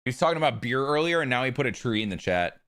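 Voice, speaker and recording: A man's voice: medium pitch, animated, rapid-fire, fairly bright tone, smooth. A man live streaming a video game, chatting with his viewers in a casual, joking way and swearing freely. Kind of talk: live stream chat while gaming.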